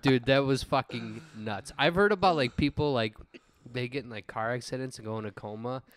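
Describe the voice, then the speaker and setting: A man's voice: medium pitch, a little fast. A man in his thirties, a podcast co-host, telling a rowdy story in casual chat, swearing a lot and breaking into laughter.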